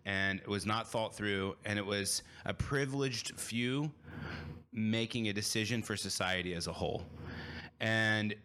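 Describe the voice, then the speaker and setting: Blunt, ranting man with a bright voice. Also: on the low side, unhurried, clear, resonant tone. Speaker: podcast host. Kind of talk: opinionated podcast monologue.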